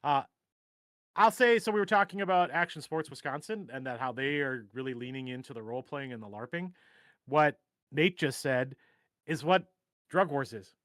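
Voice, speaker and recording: A man's voice: medium pitch, moderate pace, fairly bright tone, no echo, studio quality. A middle-aged man hosting a casual live stream, rambling and joking at his own expense. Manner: rambling, joking, self-deprecating. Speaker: host.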